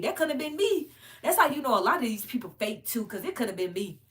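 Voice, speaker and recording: A woman's voice: fairly high pitch, fast. Blunt, profane woman ranting on camera. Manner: blunt, profane, animated storytelling; laughs between points. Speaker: commentary vlogger. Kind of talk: casual ranting commentary.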